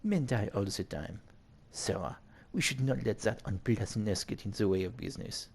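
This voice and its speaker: A man voicing a smug, scheming male crime boss who speaks slowly and slyly. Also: on the low side, gravelly, darkish tone, breathy edge. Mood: dismissive.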